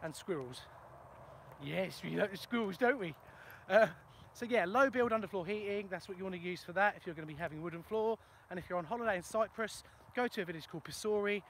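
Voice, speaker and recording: Tradesman host, raised pitch, self-mocking, casual live-stream chat in the open countryside. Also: fast talker, fairly bright tone, slight background noise. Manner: chatty, self-mocking, answers viewer questions. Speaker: plumber and video host. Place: outdoors in a ploughed field in the countryside. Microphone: phone for a live video.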